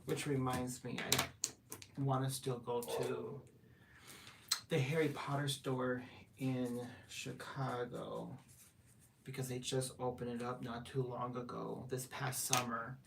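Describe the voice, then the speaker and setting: A woman's voice: rumbling low, level tone, slow pace, gravelly. A middle-aged woman chatting casually with viewers on a home livestream while wrapping gifts, greeting them and laughing often. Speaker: livestream host. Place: home at night. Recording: distant mic with loud background noise.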